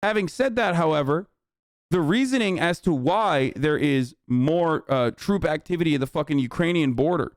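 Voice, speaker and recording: A man's voice: on the high side, animated, moderate pace, dry recording, clean studio sound. A man hosting a livestream and giving heated political commentary in a combative, profane rant. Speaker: livestream host.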